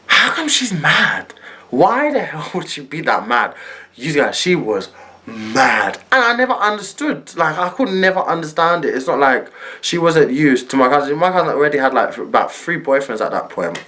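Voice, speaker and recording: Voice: mid-range voice, expressive, a little fast, fairly bright tone. A young adult telling a storytime vlog, acting out every quoted person. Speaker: vlogger.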